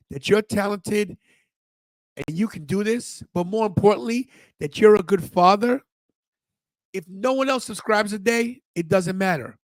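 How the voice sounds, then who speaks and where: Recorded dry, this high-voiced middle-aged man hosts a podcast and delivers a storytelling monologue about something that happened to him. He gets emotional and animated, voicing the other people as he quotes them.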